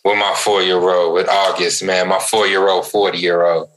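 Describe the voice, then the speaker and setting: A man's voice: normal speed, slight background noise, low-quality recording. A young man co-hosting a podcast, telling a story in casual chat and acting out the voices he quotes. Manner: animated storyteller, acts out quotes with big pitch jumps. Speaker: podcast co-host.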